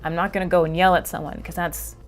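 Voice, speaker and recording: A woman's voice: lowish voice, flat delivery, fast, soft background music. A woman from Canada, a guest being interviewed, explaining casually and animatedly, often laughing and acting out her own reactions. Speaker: guest emotions teacher.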